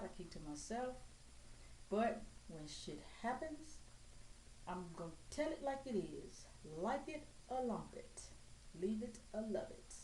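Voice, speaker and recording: A blunt woman with rants and swears without holding back. Her voice is mellow and dark, and it bounces around an echoey room. A faint hum of ambient noise sits under her speech. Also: medium pitch. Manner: blunt, profane, straight-talking. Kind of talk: blunt profane rant to camera.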